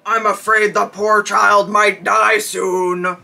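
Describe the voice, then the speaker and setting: A podcast host voicing a grim, growling giant spirit in a storybook, speaking slowly and heavily. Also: medium pitch, level tone, vocal fry, pushed and bright, recorded from a distance, soft background music, exaggerated voice. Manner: slow, heavy, grim.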